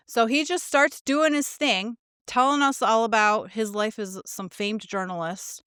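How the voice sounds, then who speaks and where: A woman's voice: a little high, moderate pace, few pauses, fairly bright tone, clear, resonant tone, no room sound, clean studio sound. A middle-aged woman co-hosting a podcast, telling a story in casual chat and acting out the quotes with swearing. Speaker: podcast co-host.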